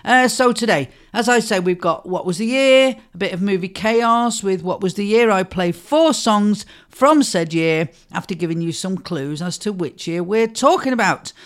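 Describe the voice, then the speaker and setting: A man's voice: high voice, expressive, moderate pace, few pauses, a bit bright. A man with a Northern English accent, presenting a radio show in a cheerful, chatty way, with asides to listeners. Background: faint music.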